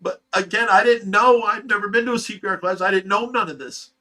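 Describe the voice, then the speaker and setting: Talking directly to his audience, the fish rescue channel host recounts a difficult personal experience in loose, run-on, emotional sentences, a little fast. His slightly high voice sounds bright and pushed, and the delivery is raw and unpolished.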